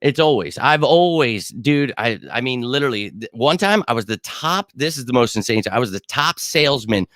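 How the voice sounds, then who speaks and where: A man's voice: mid-range voice, animated, normal speed, hardly any pauses, fairly bright tone, dry recording, studio quality. Profane, fired-up male sports streamer. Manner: heated, profane, swaggering; answers live chat comments. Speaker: sports show host. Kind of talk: casual livestream rant.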